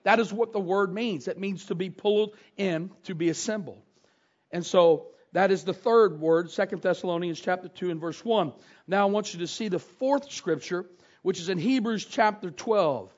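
A man with a high, light voice preaches a teaching sermon, working deliberately through scripture. He repeats phrases for emphasis and asks his listeners questions. The recording sounds slightly dull and lo-fi. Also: a little mellow.

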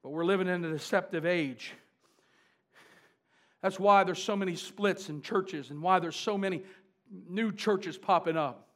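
A high-voiced man preaching a sermon. He drives his points with fervent force and then drops into quieter, conversational asides. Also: unhurried, pauses often.

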